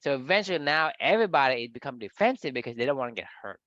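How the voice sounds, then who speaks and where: Guy co-hosting, thinks out loud, bright voice, kinda muffled audio. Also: medium pitch, lively intonation, very fast, dry recording. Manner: reflective, explains ideas at length. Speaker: podcast co-host. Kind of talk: casual discussion.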